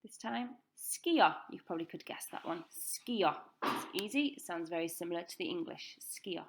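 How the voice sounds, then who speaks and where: Woman teacher with some vocal fry, patient and deliberate as she drills pupils on new words. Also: fairly low pitch, expressive, slight background noise. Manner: slow, careful pronunciation drills. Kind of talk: recorded classroom lesson. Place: school.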